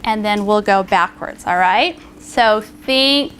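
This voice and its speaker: A woman's voice: medium pitch, takes it slowly, hardly any pauses, fairly bright tone, slight background noise. A woman teacher demonstrating a classroom lesson to other teachers, leading a group through counting aloud in a training room. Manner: leads group counting aloud with hand signals.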